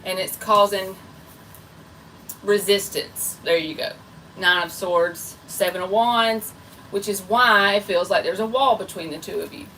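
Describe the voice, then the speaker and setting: A woman's voice: medium pitch, fairly even intonation, measured pace, pushed and bright, slight background noise. Chatty woman tarot reader, slightly distant. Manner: chatty and playful, self-described goofy. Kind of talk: live tarot reading.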